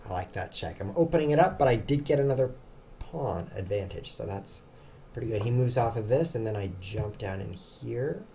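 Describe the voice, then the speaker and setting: A man's voice: mid-range voice, animated, moderate pace, dark tone, a little hiss or hum. A young man streaming online chess, chatting casually and joking at his own expense while he plays. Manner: chatty, self-mocking, jokes with chat. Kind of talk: casual live commentary while playing.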